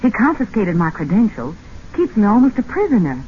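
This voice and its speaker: A woman's voice: medium pitch, sing-song, brisk, close to an everyday voice. An actress playing a young woman who talks in an earnest, urgent, persuasive way. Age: young adult. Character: young Southern woman, practical and scheming. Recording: muffled old film soundtrack, faint hiss.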